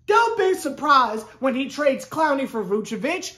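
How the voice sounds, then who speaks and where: A woman's voice: high voice, very animated, measured pace, sharp tone. A woman sports YouTuber talking in a casual, rambling vlog rant. She is sarcastic and keeps restarting her sentences. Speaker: sports YouTuber covering a basketball team.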